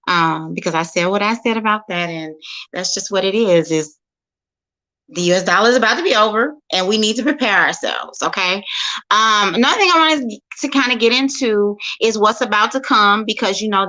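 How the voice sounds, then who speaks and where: A woman from St. Louis talks in a bright, clear voice at a middling pitch. She speaks casually into her phone, pausing often with fillers and starting sentences over. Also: rough recording. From St. Louis, USA. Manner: halting, lots of fillers and restarts. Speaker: guest speaker. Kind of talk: casual livestream talk.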